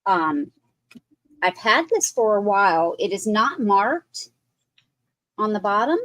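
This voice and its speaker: A woman's voice: mid-range voice, big pitch swings, takes it slowly, a bit bright, dry recording. A woman hosting a live online sale, describing a piece of pottery in chatty detail. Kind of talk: live sales presentation.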